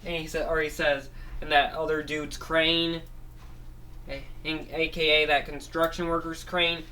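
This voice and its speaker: A man with a fairly high, bright voice spins an improvised story, stopping to correct himself and switching into quick character voices. He talks slowly and unhurriedly. A faint hiss of noise sits behind him. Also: flat delivery.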